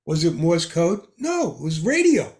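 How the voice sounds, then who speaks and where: A man's voice: on the high side, a little slow. Older man telling chuckling stories. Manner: animated, chuckling anecdotes. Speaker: guest ham radio expert. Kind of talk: casual storytelling in a podcast chat.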